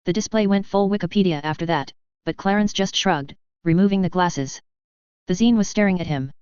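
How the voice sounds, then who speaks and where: A lowish, very smooth female voice reads a science-fiction tale in an even, measured way. The sound is dry and close, a little dull and lo-fi. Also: dry recording. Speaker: audiobook narrator. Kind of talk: scripted story narration.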